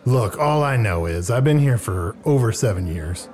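A man's voice: mid-range voice, animated, normal speed, darkish tone. A man improvising a character in a role-play, scheming and exasperated. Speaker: player.

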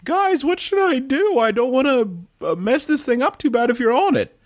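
A man's voice: very high-pitched, big pitch swings, normal speed, voice pushed up. A man voicing a fretful male wizard in a tabletop game, with an anxious manner.

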